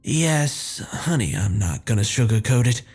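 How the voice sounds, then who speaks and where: A man's voice: medium pitch, animated, a little slow, darkish tone, breathy edge, soft background music. A man voicing a blunt, folksy grandmother in her fifties who speaks with a thick accent and familiar terms of endearment. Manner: blunt, familiar, calls people honey.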